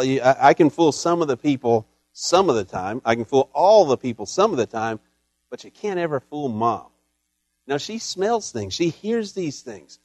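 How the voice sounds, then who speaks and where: A middle-aged man preaches in a folksy, storytelling manner, mixing humor into his sermon. His voice sits a little higher than most men's. The sound is dry and close, with no room echo. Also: a little mellow. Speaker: pastor. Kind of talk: Mother's Day sermon.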